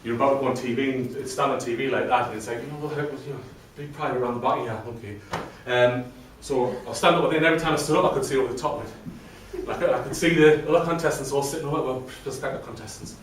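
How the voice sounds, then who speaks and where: A man's voice: mid-range voice, fast talker, few pauses, a little hiss or hum. A man telling his own story to a live audience, chatty and self-deprecating. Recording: very echoey room from a distant mic, faint ambience.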